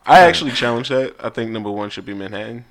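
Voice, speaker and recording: A man's voice: mid-range voice, animated, quick pace, a bit bright. A man, from Brooklyn, chats playfully in a mid-range voice. He teases himself and the others as a co-host. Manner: playful, self-mocking. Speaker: podcast co-host. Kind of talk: casual chat.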